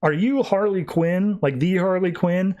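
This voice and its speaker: A man's voice: high voice, measured pace, mellow, lo-fi sound, voice pushed up. Man doing a dry, poised stage magician woman.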